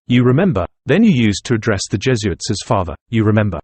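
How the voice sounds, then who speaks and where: A man's voice: fairly low pitch, very animated, quick pace, darkish tone, husky, dry recording. A man voicing a proud, aloof young male student who speaks in a cutting, intense way, in an audiobook reading. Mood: earnest.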